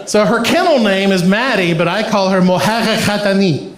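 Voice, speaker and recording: High-voiced man telling stand-up stories. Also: normal speed, some chatter behind. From Iran. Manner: animated storyteller, laughs through his own punchlines. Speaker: stand-up comedian. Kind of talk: stand-up comedy set. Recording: echoey live comedy venue.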